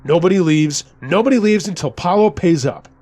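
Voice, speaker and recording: A man's voice: high voice, animated, normal speed, a little mellow, voice pushed up. A man voicing an unstable, jittery male gunman who repeats himself and half laughs as he threatens. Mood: agitated.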